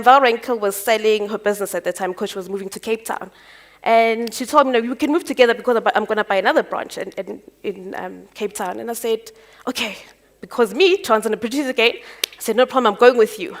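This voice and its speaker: South African woman, storytelling speaker, lively, voice on the high side, jumps into voices for dialogue. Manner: animated, acts out dialogue with quick voice jumps. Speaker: entrepreneur speaker. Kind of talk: personal storytelling talk.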